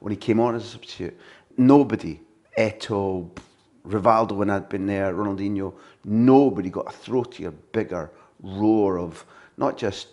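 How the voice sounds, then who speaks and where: A man, a football journalist and podcast host, telling animated stories in a relaxed interview. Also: on the low side, normal speed. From Scotland. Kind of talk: conversational interview, storytelling.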